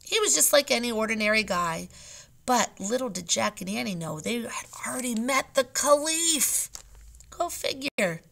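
A woman teacher reading a chapter book aloud to her class, narrating softly, often in a whisper, then turning animated when she asks the class questions. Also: on the high side, moderate pace, creaky.

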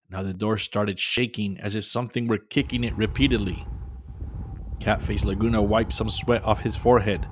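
A man narrating a children's adventure story in a calm, measured way. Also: on the low side, slight background noise. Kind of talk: scripted narration.

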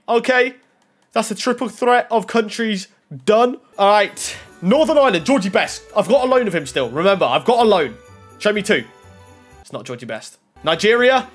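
A young man giving casual pack-opening commentary, swinging from muttering to excited shouting. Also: sits high. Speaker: gaming YouTuber. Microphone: desk microphone.

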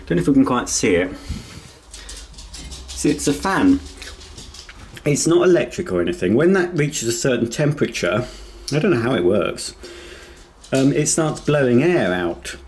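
A man's voice: mid-range voice, very animated, moderate pace, pauses often, darkish tone, slight background noise. A man giving a casual, rambling video tour of a house, chatting while he eats. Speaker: vlogger. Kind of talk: casual home tour vlog. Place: inside a house.

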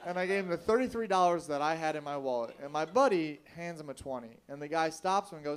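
A man performing a stand-up comedy set, telling a story and acting out the people in it with sudden loud outbursts. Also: a little high, animated, fast, few pauses, a little hiss or hum. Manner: storytelling, acts out quoted voices with big loud outbursts. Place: comedy club stage.

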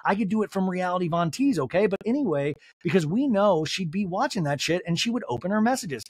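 Man mimicking a shrill, indignant reality-show woman. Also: animated, fast, breathy edge, no room sound, studio quality. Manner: indignant, sharp snapping retorts.

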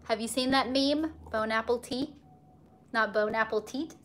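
A woman's voice: fairly high pitch, fairly even intonation, moderate pace, a little hiss or hum. A young woman chatting casually to viewers while cooking live in her home kitchen, recorded on a phone on a tripod. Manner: bubbly, chatty, talks to viewers and her dog. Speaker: cooking livestream host.

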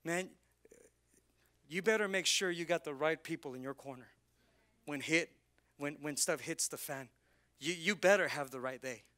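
A male pastor preaching in a church, with a bright, forceful voice that sits a little high. He tells a personal story in a halting, emotional way, then swells into loud, fervent preaching.

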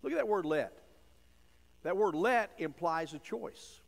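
A man preaching a sermon in a church, folksy and emphatic, dropping to low asides and rising to loud stressed phrases. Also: lively intonation, moderate pace, vocal fry. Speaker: pastor. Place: church sanctuary. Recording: long church reverb.

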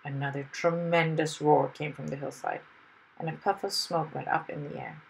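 Woman, storyteller, children's read-aloud, expressive, husky. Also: low voice, normal speed, poor audio. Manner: lively, expressive reading.

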